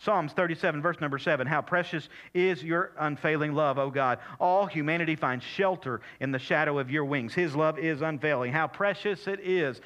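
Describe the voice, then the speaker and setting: Older guy pastor preaching, bright voice, kinda high, goes from loud to hushed asides. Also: normal speed, few pauses, muffled recording. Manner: repeats words for emphasis and reads scripture aloud. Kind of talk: sermon.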